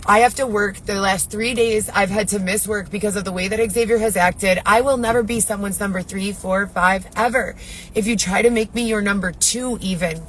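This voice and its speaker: Woman ranting on a live stream, upset and rambling, lots of swearing, mid pitch, faint traffic hum behind. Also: fairly even intonation, normal speed, a bit bright, rough recording. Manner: distressed, rambling and profane. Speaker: livestreamer. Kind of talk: rambling live video monologue. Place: Chicago.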